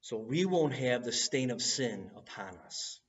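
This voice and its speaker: A man preaching a sermon in an earnest way, building to loud cries at key moments. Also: mid-range voice, expressive, a little slow, far from the mic, highs cut off, slight background noise.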